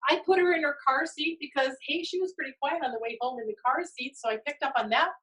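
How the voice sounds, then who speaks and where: Woman, middle-aged, podcast host, higher pitch, lively storytelling, frequent laughs, a bit off-mic. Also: quick pace, far from the mic, low-quality recording. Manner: animated, laughs often, acts out quotes. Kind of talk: casual storytelling chat.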